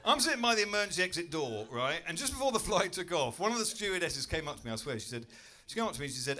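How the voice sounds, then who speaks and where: A man from Britain doing stand-up comedy in a club, telling stories with loud incredulous outbursts. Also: a little high, very fast, few pauses. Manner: animated storytelling, bursts into loud incredulous outbursts. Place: comedy club stage before a live audience.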